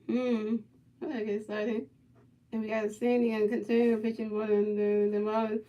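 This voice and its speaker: A woman's voice: on the high side, flat delivery, normal speed, lo-fi sound. A woman hosting a livestream, giving amateur play-by-play commentary in eager, repetitive, rambling calls. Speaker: livestream host.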